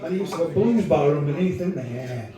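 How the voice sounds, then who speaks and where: A sweary Northern English comedian working the crowd in a live set. His voice sits high and swings widely in pitch. It is picked up from some way off in an echoey room, with audience laughter around it. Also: lively intonation, quick pace, far from the mic. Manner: brash, sweary banter with the audience. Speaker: stand-up comedian.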